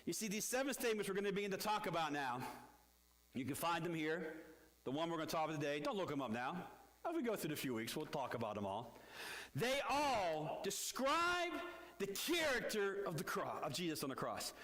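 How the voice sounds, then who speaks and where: Bright-voiced middle-aged male pastor. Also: a little fast. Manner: animated, swings from loud outbursts to low asides. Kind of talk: storytelling sermon. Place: church. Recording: echoey church hall.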